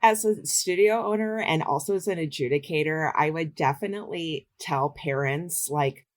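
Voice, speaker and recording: A middle-aged woman, a dance adjudicator and studio owner, giving measured advice as a podcast guest. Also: low voice. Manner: measured, advisory.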